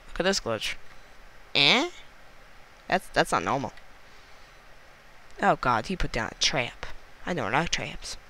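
Brief: man, gaming host, bright and slightly high, playful jokey commentary, quick exclamations. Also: lively intonation, slight background noise. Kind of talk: let's-play commentary.

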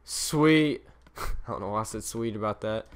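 A young man talks his way through a session of his game, rambling and poking fun at himself as he wanders between tasks. His voice is bright and forceful, with a smooth, crisp tone. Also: fairly low pitch, completely flat delivery, fast. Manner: rambling, self-mocking, easily distracted. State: tired. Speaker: gaming channel host. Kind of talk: Let's Play commentary.

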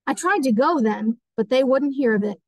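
A woman teacher reading a novel aloud as audiobook narration, steady and clear. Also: high-pitched, moderate pace, no echo, poor audio.

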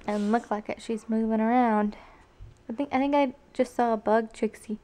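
A woman's voice: on the high side, steady tone, moderate pace, a little mellow. A teenage girl chatting casually as she films herself at home on a handheld camera, narrating what she does. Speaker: vlogger. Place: home kitchen, indoors.

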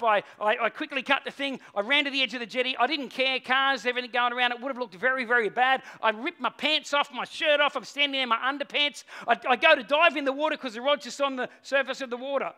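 Aussie pastor guy, middle-aged, preaching a story, goes from quiet to really loud, pretty high bright voice. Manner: storytelling, swings from hushed to shouting. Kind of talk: sermon.

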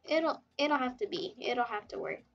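A woman's voice: fairly high pitch, normal speed, lo-fi sound. A woman streaming while she draws, chatting casually and rambling as she reacts to chat, with frequent giggles. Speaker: webtoon artist streamer.

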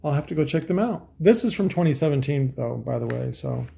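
A man's voice: mid-range voice, lively intonation, brisk, gravelly, dark tone, slight background noise. A man hosting a casual commentary, talking in a sarcastic, profane, rambling way full of asides. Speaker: host.

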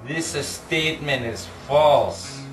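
A man's voice: medium pitch, slow, lightly acted. A man playing a fed-up male Italian pizzeria worker with a mock Italian accent, rambling in broken English in an amateur comedy sketch. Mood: puzzled. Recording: echoey room, distant mic, music behind.

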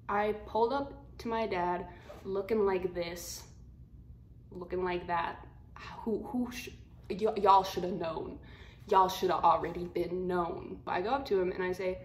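A twenty-year-old woman vlogging, telling a story to camera in a blunt, slangy, animated way. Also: medium pitch, measured pace. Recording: roomy echo, faint room hum.

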